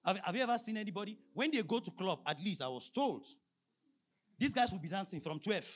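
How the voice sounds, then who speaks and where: A man preaching a sermon as pastor, prompting the congregation to finish his lines and reading scripture slowly and emphatically. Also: high-pitched, animated. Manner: call-and-response, prompting the congregation with "what?".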